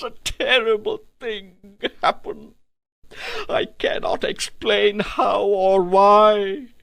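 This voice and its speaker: A man's voice: high-pitched, gravelly, dry recording. A man giving a solemn, dramatic first-person narration of a spiritual text for an audiobook.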